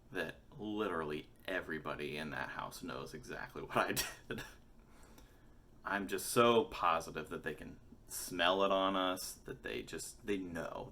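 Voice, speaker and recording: A man's voice: deep voice, pushed and bright. A man in his forties telling a rambling, profane, self-mocking story in a casual vlog. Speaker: musician and vlogger.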